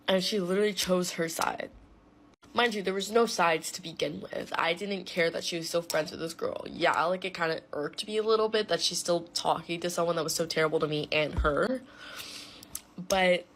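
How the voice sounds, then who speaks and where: A woman's voice: lowish voice, moderate pace, a bit bright. A young woman telling a school story in a casual, chatty way, blunt and full of swearing and filler words.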